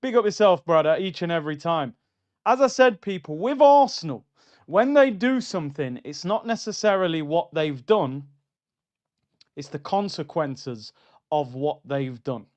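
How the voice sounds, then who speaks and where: A man hosting a casual fan livestream, animated and full of banter, repeating his phrases. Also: on the high side, moderate pace. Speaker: livestream host. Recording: slightly dull lo-fi sound.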